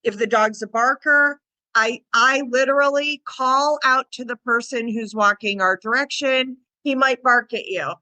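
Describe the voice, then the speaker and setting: A chatty woman dog trainer co-hosting a podcast, talking in a bright, forceful voice a little above the usual pitch. She acts out small bits of dialogue as she goes. The sound is close and dry. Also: unhurried, no room sound. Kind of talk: casual podcast chat.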